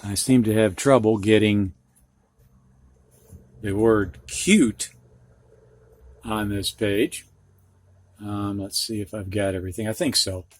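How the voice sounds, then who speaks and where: Slow, patient older man teaching phonics. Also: lowish voice, fairly even intonation. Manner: slow, patient, explaining with everyday examples. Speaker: reading teacher. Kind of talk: phonics lesson for students and teachers.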